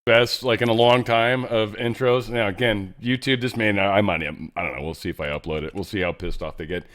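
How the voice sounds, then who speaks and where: A man's voice: fairly low pitch, brisk, fairly bright tone. Chatty man hosting a commentary show. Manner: chatty, loose, many fillers and asides. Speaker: show host. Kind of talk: casual commentary.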